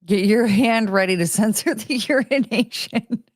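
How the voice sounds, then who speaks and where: A woman's voice: mid-range voice, a little slow, no echo, clean studio sound. A woman chatting casually with her live-stream viewers, rambling and giggling and often breaking off mid-sentence. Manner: rambling, self-interrupting, giggly. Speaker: livestream host.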